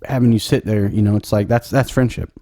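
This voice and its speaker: Laid-back mellow-voiced man podcasting. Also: lowish voice, fairly even intonation, a little fast. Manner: laid-back, hesitant with many fillers. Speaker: podcast co-host and musician. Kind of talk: casual chat between friends.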